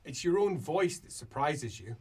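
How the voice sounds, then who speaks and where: A man's voice: on the high side, normal speed, slightly rough. A man narrating as a playful game master. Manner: lively, playful, laughing narration.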